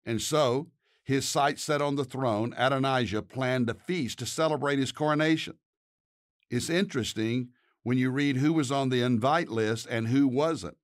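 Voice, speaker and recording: A man, a pastor and podcast host, reading a scripted devotional narration and leading a prayer in an earnest, measured way. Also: medium pitch, no echo, studio quality.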